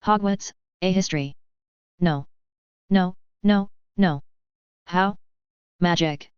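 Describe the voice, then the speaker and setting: A panicked young woman who swears under her breath, voiced by a woman reading aloud. Her voice sits fairly low, very clear and dry. The recording sounds a little dull. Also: takes it slowly, dry recording. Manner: swearing, flustered. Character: panicked young woman stuck in a child's body.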